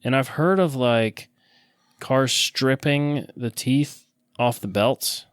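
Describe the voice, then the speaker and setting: A man co-hosts a casual podcast in a mid-pitched voice. He walks through movie scenes and car engine details and laughs easily. The sound is dry and close. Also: slow, clean tone, no echo. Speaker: podcast co-host. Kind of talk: casual chat.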